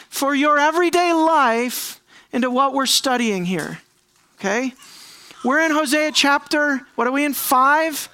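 A man preaching an expository sermon as pastor, conversational, asking the congregation questions and slowing down to stress words. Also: extremely high pitch, sharp tone, no room sound. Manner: conversational, asks the congregation questions, slows for emphasis.

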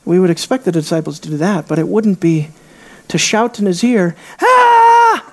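Dramatic preacher with swinging delivery. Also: brisk. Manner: dramatic swings between loud high emphasis and quiet low asides; asks the congregation rhetorical questions. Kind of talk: sermon.

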